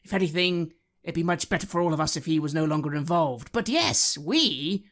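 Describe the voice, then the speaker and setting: A woman's voice: deep voice, lively intonation, a little fast. A woman voicing a boastful fire mage adventurer who speaks grandly and smugly. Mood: grandiose. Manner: pompous, grandiose.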